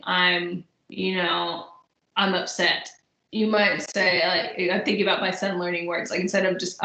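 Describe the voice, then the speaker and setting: Young woman, college lecturer, relaxed and chatty, crisp bright voice, roomy recording. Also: mid-range voice. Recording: echoey room.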